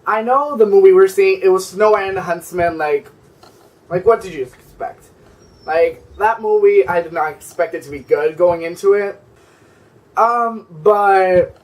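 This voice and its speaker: A man's voice: sits high, distant mic, rough recording. A young man telling a story-time vlog in a sassy, profane, rambling way, filling his talk with "like". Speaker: vlogger.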